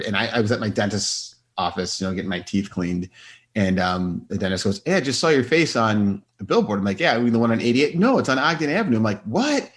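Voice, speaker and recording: A middle-aged man, a doctor and podcast guest, telling stories in casual chat and acting out what people said. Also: fairly low pitch. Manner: animated storyteller, acts out quotes with laughs.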